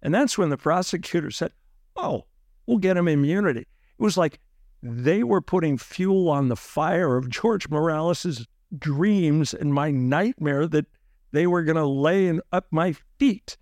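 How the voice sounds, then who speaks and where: Male interviewee, a lawyer recounting events, animated and dramatic, raised pitch, dead-dry recording. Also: unhurried, dry recording. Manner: animated, acts out other people's lines. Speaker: lawyer recounting his own case. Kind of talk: interview storytelling.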